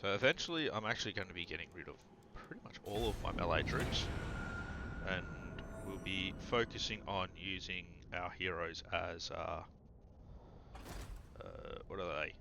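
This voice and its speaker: A man with a low, gravelly voice talks through his strategy game in a loose, rambling way. Steady noise hums under his recording. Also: normal speed. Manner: relaxed, rambling, filler-heavy. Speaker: gaming channel host. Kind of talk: gameplay commentary.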